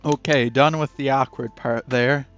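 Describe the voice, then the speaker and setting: Guy reading a text game out loud, middle pitch, dull lo-fi sound with quiet music behind. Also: fairly even intonation, measured pace. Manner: chatty, reads aloud and breaks off to comment. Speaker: game player and narrator. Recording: dull lo-fi audio with faint music.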